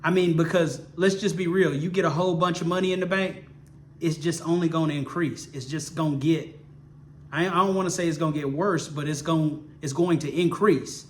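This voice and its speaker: A man's voice: on the high side, fairly even intonation, normal speed, slight background noise. A man giving an informal Bible teaching, repeating his points and checking in with listeners by asking "okay?". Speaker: ministry teacher.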